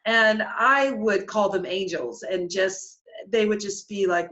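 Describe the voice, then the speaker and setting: A woman's voice: mid-range voice, a bit bright, lo-fi sound. Earnest woman telling a spiritual story. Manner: earnest, spiritual, halting with restarts. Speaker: podcast guest. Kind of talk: emotional personal storytelling.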